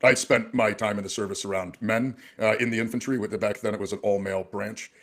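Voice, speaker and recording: A man's voice: lowish voice, fairly even intonation, quick pace, creaky, a bit bright. A man from rural Maine, speaking as a political candidate, earnestly and defensively explaining his past comments. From rural Maine, USA. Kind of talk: answering questions in a played clip.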